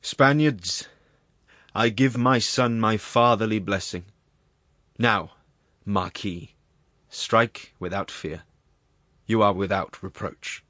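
A proud old Spanish nobleman speaks with stern, solemn command, as a man reads him aloud. The voice sits very low and the sound is dry and close. It belongs to an audiobook of a classic tale. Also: slow, a bit bright, no echo.

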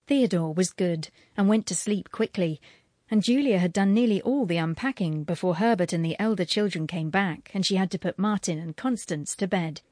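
A woman's voice: on the low side, a little mellow, no echo. Woman narrating a story, dry close sound. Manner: measured, clear storytelling. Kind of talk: audiobook narration.

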